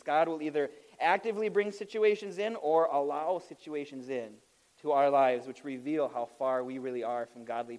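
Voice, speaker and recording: A man preaching a sermon, opening with a funny personal story and laughing at himself as he goes. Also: on the high side. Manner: animated storytelling with self-deprecating laughs. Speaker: pastor.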